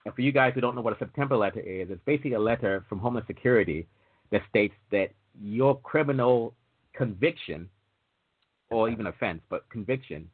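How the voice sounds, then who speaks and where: A man's voice: on the low side, breathy edge. A man hosting a casual talk show about entry waivers, chatty and digressive, acting out quoted exchanges as he explains. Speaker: waiver consultant host. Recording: tinny phone-like audio.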